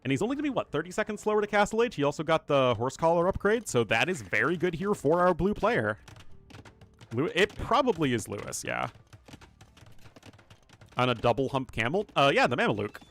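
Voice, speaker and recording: A man's voice: a little high, big pitch swings, fairly quick, fairly bright tone, soft background music. Chatty male esports caster. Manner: chatty, rambling asides, talks to chat directly. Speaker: game caster and streamer. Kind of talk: casual live esports commentary.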